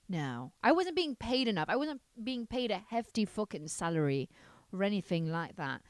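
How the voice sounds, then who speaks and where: A woman hosting a podcast, chatting frankly and with sass, swearing now and then. Her pitch sits in the middle but swings widely as she talks. The sound is dry, with no room echo. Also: moderate pace. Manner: frank, animated and sassy, with casual swearing. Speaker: podcast host. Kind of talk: casual advice chat.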